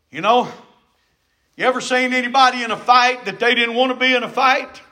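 A man preaching a fervent sermon, building to shouted emphasis and punctuating with "amen". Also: very high-pitched, fairly even intonation, a little fast. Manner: fervent, repeats phrases.

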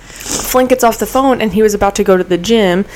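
A woman's voice: medium pitch, a little fast, darkish tone. A young woman on a podcast tells a long personal story in loose, casual chat. She rambles and acts out what everyone said along the way. A faint hum sits behind her voice. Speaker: podcast co-host.

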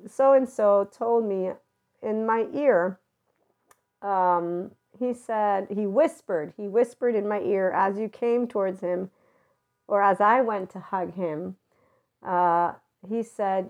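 A woman's voice: medium pitch, slow pace, a little mellow. A woman host telling personal stories in a blunt, profane way, often breaking into laughter. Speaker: podcast host. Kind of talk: candid storytelling monologue. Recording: dull lo-fi recording.

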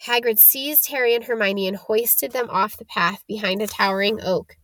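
A woman narrating a children's storybook in a steady, expressive read. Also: medium pitch, normal speed, dry recording. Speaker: audiobook narrator.

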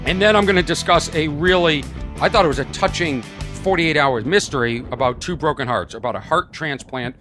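Comic podcast host, male, high-pitched and lively, bright dry tone, early-morning rant. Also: a little fast, faint music behind. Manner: animated, sarcastic, mock-exasperated. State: sleepy but energized early morning. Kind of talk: solo comedy podcast rant. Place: at home early morning, birds outside.

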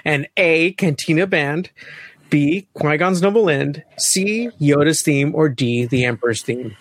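A man's voice: a little high, unhurried. A man co-hosting a casual podcast trivia game, chatty and full of fillers and self-corrections. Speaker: quiz co-host.

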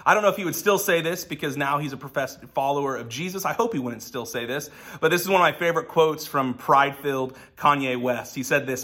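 A man preaching a relaxed, chatty sermon with a bright, forceful voice pitched a little high. He moves easily into personal stories. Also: fast talker, few pauses. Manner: casual storytelling with personal anecdotes. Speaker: pastor. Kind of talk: conversational sermon.

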